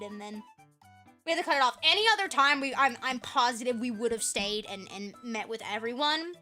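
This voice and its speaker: A young woman streamer telling a trip story in casual live-stream chat, animated and swearing freely. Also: a little high.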